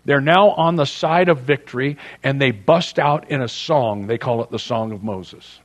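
A man's voice: mid-range voice, moderate pace. A man preaching a sermon as a pastor, in a conversational, joking storytelling manner.

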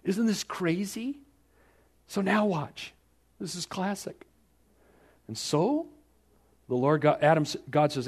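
A man preaching a sermon, asking the congregation rhetorical questions and swinging from hushed to loud. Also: a little high, sing-song, moderate pace, long pauses. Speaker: pastor.

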